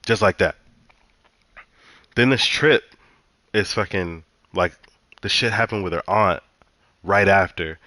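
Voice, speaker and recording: A man's voice: low-pitched, slow pace, pauses often, sharp tone, no room sound. A man telling a personal story in a heated, profane, repetitive way, venting casually.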